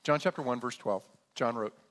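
A man's voice: medium pitch, a little fast, fairly bright tone. Pastor, male, conversational sermon delivery, mid-range voice, reverberant sanctuary. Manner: conversational preaching, often asks "right?". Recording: long church reverb.

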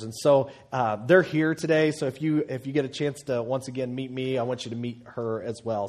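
A man in his thirties preaching a sermon as pastor, chatty and humorous, with many fillers and restarts. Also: a little high. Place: church auditorium.

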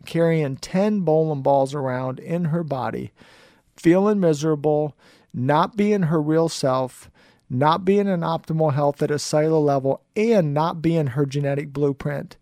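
A man hosting a motivational talk show, telling stories with animated quoted dialogue and frequent laughter. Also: fairly high pitch, no room sound, studio quality. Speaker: show host.

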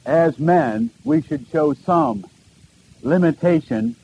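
Earnest preaching man, dark mellow voice. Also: fairly high pitch, lively intonation, slow, lo-fi sound, a little hiss or hum. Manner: earnest, questioning delivery with emphatic repetitions. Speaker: pastor. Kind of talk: sermon.

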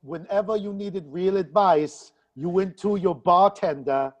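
Man playing a blunt alien ship's counselor woman, crude and accusing, slightly high voice. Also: unhurried, lo-fi sound. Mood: scolding. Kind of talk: comedic impression.

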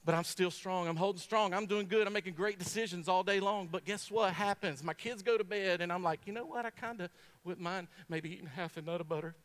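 A man preaching a sermon in a folksy, humorous, animated storytelling way. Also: high-pitched, brisk.

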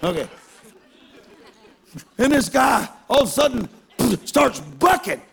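A man preaching a sermon through a self-mocking story, animated and given to bursts of shouting. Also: very high-pitched, slow pace, gravelly, a faint crowd.

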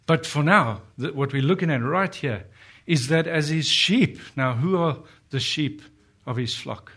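A man preaching a sermon, earnestly asking his listeners questions and slowing down to dwell on the scripture he quotes. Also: on the high side, expressive, fairly bright tone, slightly rough. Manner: earnest, rhetorical questions to the congregation.

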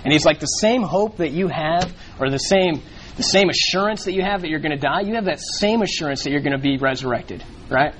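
A man teaches scripture to a small group in an easy, unscripted way, circling back and restarting his sentences often. His voice sits a little high for a man. A faint hiss of noise runs under the recording. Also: brisk, fairly bright tone, rough recording. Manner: rambling, frequent fillers and restarts. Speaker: bible study leader. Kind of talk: casual bible teaching.

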